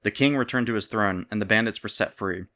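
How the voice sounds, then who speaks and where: Male storybook narrator, low-pitched, forceful and steady. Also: fast talker.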